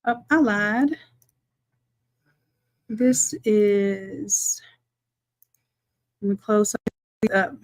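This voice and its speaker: A woman with a mid-range voice speaks very slowly, leaving long pauses, as a design instructor on a live-streamed software tutorial. She chats with viewers, calling them y'all, and thinks aloud while she works.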